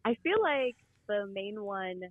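A woman telling a self-deprecating story at an unhurried pace in a casual chat. Her voice is recorded dry and close, with no room sound. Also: mid-range voice, big pitch swings, no echo, phone-quality sound. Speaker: guest.

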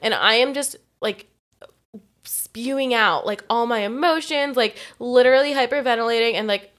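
A woman's voice: fairly high pitch, moderate pace, fairly bright tone. A woman in her twenties from California, a podcast co-host telling a personal story in casual chat, candid and profane, often laughing mid-sentence.

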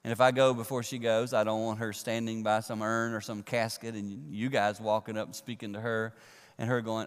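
A man preaching a sermon to a congregation, animated and swinging from loud to a near hush for emphasis. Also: lowish voice, a little fast, smooth. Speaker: pastor. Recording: long reverb of a large hall.

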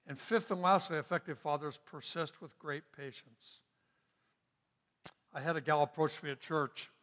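A middle-aged pastor with a slightly higher-pitched male voice gives a parenting seminar, earnest and folksy, with stories woven in. His voice trails off into a long reverb, like a large church hall. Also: steady tone, moderate pace, a bit bright. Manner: earnest, folksy storytelling with asides. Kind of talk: seminar teaching.

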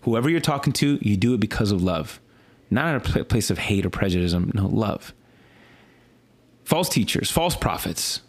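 A man, a pastor, talking through his sermon in a casual, animated way, often restarting and stuttering, swinging between high exclaims and low earnest lines. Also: normal speed, breathy edge. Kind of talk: casual sermon follow-up talk.

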